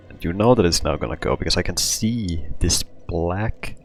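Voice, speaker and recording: Very deep-voiced man, rambling storyteller. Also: normal speed, creaky, hardly any pauses, soft background music. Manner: rambling, heavy use of "like", frequent restarts. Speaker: podcast host. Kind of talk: casual storytelling monologue.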